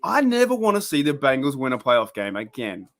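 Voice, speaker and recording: This Australian streamer reacts live to sports in a loose, rambling, chatty way, getting suddenly excited at the plays. He has a mid-range voice and talks a little fast.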